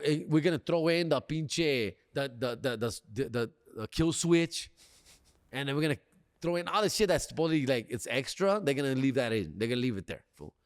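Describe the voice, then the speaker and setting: A man tells a casual, comedic story on his podcast, mixing in Spanish slang and quick impressions of the salesmen. His voice sits a little high for a man and sounds dry and close to the mic, with no room sound. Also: no room sound.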